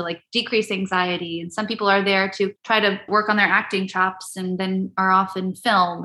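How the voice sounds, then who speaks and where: A woman's voice: medium pitch, pushed and bright. A woman guest talking casually about her improv group, upbeat and laughing often. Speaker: improv theater member, guest. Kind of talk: casual interview. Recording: echoey room.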